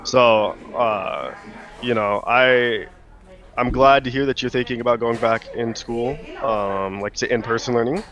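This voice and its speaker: A man's voice: medium pitch, fairly even intonation, a little slow, fairly bright tone, soft background music. Rambling young man hosting a podcast. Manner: rambling, many fillers and restarts. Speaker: podcast host. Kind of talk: casual podcast chat.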